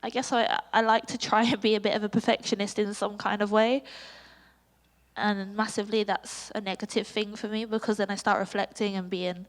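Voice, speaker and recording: An English woman fighter with a squeaky voice, chatting self-critically in a post-fight press conference with many ums. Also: level tone, brisk, big-room sound. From England.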